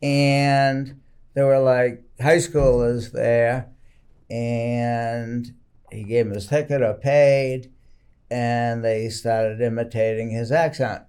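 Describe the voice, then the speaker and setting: An older man, a guest attorney, in casual chat, telling rambling stories at an unhurried pace. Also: mid-range voice, little pitch movement, darkish tone, clear, resonant tone.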